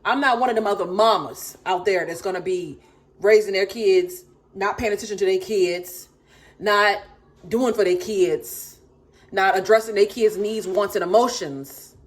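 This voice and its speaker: A mother of four in her thirties rants to the camera, emphatic and sassy, repeating herself to drive points home. Her voice is medium in pitch and a little slow.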